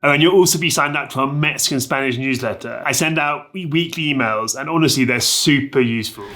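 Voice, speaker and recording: A man's voice: medium pitch, brisk, bright, forceful tone. A man giving a casual, upbeat video lesson on Spanish, chatting to viewers with lots of fillers. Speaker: Spanish teacher.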